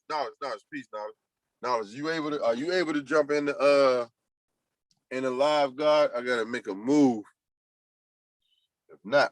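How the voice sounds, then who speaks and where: A man with a low voice hosts a casual livestream and rambles loosely, half to his chat and half to himself. His voice sits close and dry on the mic, with almost no room around it. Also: dry recording, poor audio. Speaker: livestream host.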